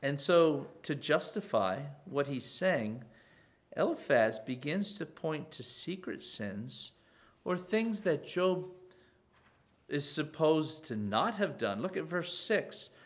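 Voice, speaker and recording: A man with a somewhat raised pitch gives an expository sermon. He reads scripture aloud, then restates it in pointed rhetorical questions, his voice climbing for emphasis and dropping low to explain. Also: very animated, slow pace. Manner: swings between loud pointed questions and quiet explanation. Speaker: preacher. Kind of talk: expository Bible teaching.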